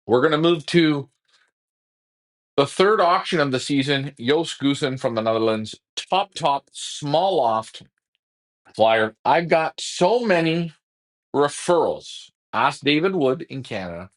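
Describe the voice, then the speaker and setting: A man who sells racing pigeons, chatting casually and enthusiastically as he photographs birds for an auction. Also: a little high. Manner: chatty, enthusiastic salesman patter; drops to hushed near-whisper when handling birds. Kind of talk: casual livestream chat while photographing birds.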